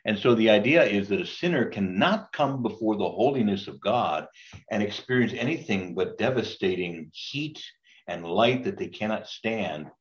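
An older priest leads a Bible study in a chatty, conversational way and keeps asking his group questions. His voice sits a bit low, and the recording is dull and lo-fi.

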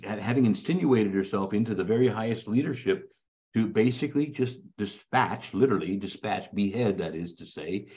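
A man teaching a Bible class in a lively, joking way, hamming it up as he lectures. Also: fairly low pitch. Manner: animated, joking, self-described ham. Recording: dull lo-fi recording.

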